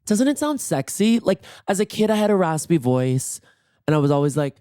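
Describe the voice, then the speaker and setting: A man in his late twenties hosting a solo podcast from bed, his voice hoarse and nearly gone, joking in a playful, campy, self-mocking way. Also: on the high side, big pitch swings, moderate pace, dark tone, dry recording, clean studio sound. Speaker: podcast host. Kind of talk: casual solo podcast chat. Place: in bed at night.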